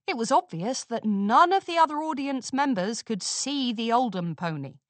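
A woman narrating a children's storybook in an expressive, unhurried reading. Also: a little high, no echo.

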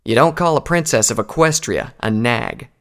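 A man's voice: mid-range voice, expressive, moderate pace, fairly bright tone. A man voicing a blunt, loyal female pony soldier who speaks in a folksy, plain way, in an audiobook reading. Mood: indignant. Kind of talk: audiobook character voice.

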